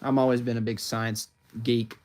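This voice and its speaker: A US man livestreaming on his phone has a mid-range, level, darkish voice and a moderate pace. He voices questions from the chat and answers them chattily, rambling and leaning on fillers.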